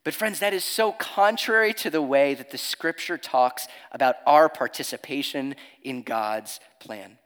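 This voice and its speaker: A man's voice: on the high side, measured pace, hardly any pauses, fairly bright tone. Earnest man preaching in a hall. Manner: earnest, emphatic, reads scripture aloud. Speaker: pastor. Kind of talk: sermon.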